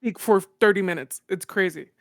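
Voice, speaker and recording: A woman's voice: mid-range voice, normal speed, no echo. Woman co-host, teasing and laughing, dry mic. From South Texas. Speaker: podcast host. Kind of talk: casual chat.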